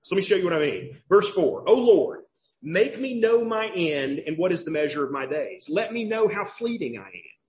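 A man's voice: high-pitched, very animated, normal speed, darkish tone. A man with a Southern US accent preaching a sermon as pastor, emphatic and questioning, repeating key phrases.

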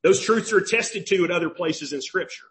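Emphatic high-voiced Southern preacher. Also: male voice, a little fast, fairly bright tone. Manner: questioning, emphatic, repeats key phrases. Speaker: pastor. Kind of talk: sermon.

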